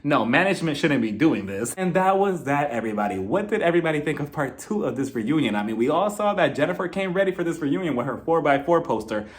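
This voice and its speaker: Animated, gossipy young man recapping. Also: on the high side, fast talker, few pauses. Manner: gossipy, animated storytelling with frequent "like". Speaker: reality TV reviewer. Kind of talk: casual vlog recap.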